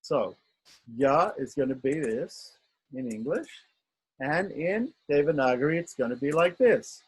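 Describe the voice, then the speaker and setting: A man with a somewhat high, husky voice walks learners through an alphabet one letter at a time. He speaks patiently, sounds each letter out again and again, and keeps checking they follow. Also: expressive, unhurried, low-quality recording. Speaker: teacher. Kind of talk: online script lesson.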